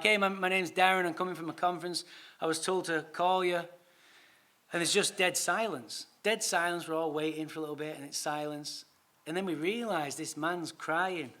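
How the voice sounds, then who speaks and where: A man tells a story at a recovery conference, jumping between narration and the voices of the people in it. His voice sits high and rings bright and punchy, and he swears casually as he talks. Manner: animated, swearing, acts out his own dialogue. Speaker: recovery speaker.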